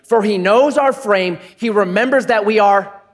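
A middle-aged man preaching a sermon, swinging from loud playful storytelling to hushed earnest tones. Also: sits high, normal speed. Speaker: pastor.

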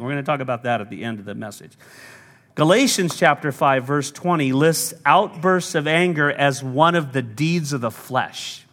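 A man's voice: a little high, fairly bright tone. A man preaching a sermon as lead pastor, telling stories and acting out the voices of people he quotes. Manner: storytelling preacher, acts out quoted voices, laughs now and then. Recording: long hall reverb.

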